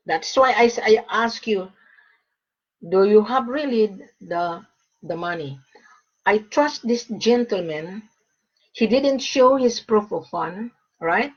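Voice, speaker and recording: A blunt woman gives broker's advice straight to the viewer, hammering home her points. Her voice is husky and mid-pitched. The recording is dull and lo-fi. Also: expressive, slow. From Australia. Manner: blunt, emphatic, repeats points. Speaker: gold and diamond broker. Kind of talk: direct-to-camera advice talk.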